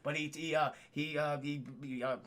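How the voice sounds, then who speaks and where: A young man streaming, retelling a film to his chat in an animated, profane, rambling way. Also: fairly high pitch, moderate pace. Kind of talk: comic movie retelling to chat.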